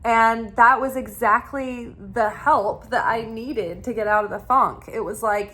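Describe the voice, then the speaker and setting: A woman's voice: a little high, measured pace, hardly any pauses, a bit bright. Chatty woman telling a personal story. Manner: chatty and rambling, with frequent restarts. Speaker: tarot reader and spiritual channel host.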